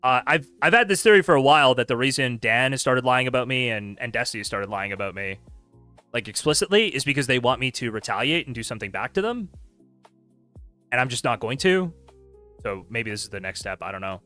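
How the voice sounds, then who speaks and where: A man's voice: medium pitch, lively intonation, a little fast, sharp tone, faint music behind. A man hosting a stream, reading chat logs aloud with sarcastic, incredulous commentary. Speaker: streamer host.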